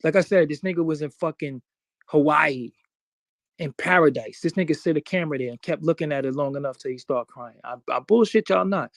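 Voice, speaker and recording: A man's voice: on the high side, a little fast, gravelly, no echo, clean studio sound. A man being interviewed, talking in a boastful, profane and emphatic way. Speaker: interview guest.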